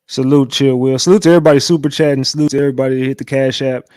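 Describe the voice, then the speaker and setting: A man hosting a casual livestream, talking loosely, repeating catchphrases and shouting out viewers. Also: mid-range voice, steady tone, racing, dry recording. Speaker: livestream host.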